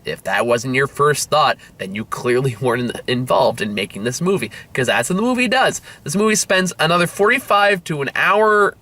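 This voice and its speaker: A man's voice: medium pitch, lively intonation, normal speed, hardly any pauses, bright, forceful tone. A young man reviewing a movie from inside his car, rambling and exasperated, swearing often and restarting his sentences.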